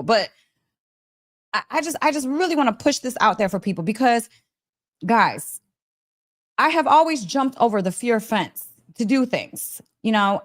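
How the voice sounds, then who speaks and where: A young adult woman telling a personal story to camera in a casual vlog, animated and laughing often. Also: fairly high pitch. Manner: animated, laughs often, acts out quoted voices. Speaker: vlogger.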